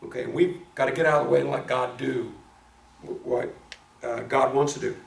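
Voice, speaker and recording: A man teaching a Bible study in a casual, animated way, often restarting his words as he tells a story. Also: medium pitch, normal speed, creaky. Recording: echoey room, mic at a distance, faint noise.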